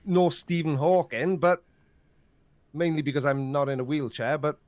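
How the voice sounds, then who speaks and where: A man's voice: fairly high pitch, moderate pace, a little mellow, no echo. Self-mocking Welsh man, dry sound. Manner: self-deprecating, stammers on restarts. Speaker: guest YouTuber. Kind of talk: casual podcast chat.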